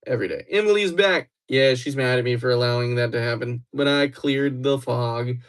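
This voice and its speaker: Playful man chatting on a livestream. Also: medium pitch. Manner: playful, teasing, quick to get excited. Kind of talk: casual livestream chat with viewers.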